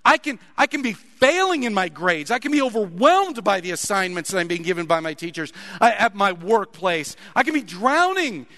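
High, bright-voiced preaching man in a hall. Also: big pitch swings. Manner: emphatic preaching with dramatic pauses, rising to loud passionate peaks. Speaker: pastor. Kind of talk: sermon.

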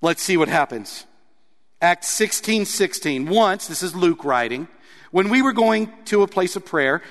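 Animated preaching man in reverberant hall. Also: high voice. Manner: animated preaching, reading scripture aloud. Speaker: pastor. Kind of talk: sermon.

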